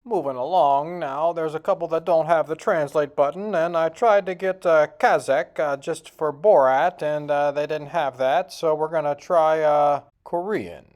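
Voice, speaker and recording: A folksy male video host with a darkish, fairly high voice speaks a little slowly with hardly any pauses. In his casual vlog commentary he jokes around and tries sounding out foreign words himself.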